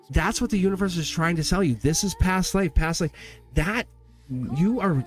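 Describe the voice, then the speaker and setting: A middle-aged man giving an earnest, animated live tarot reading, addressing the viewer directly and often breaking off mid-sentence. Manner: earnest and animated, swinging pitch, frequent laughs and self-interruptions. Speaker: tarot reader.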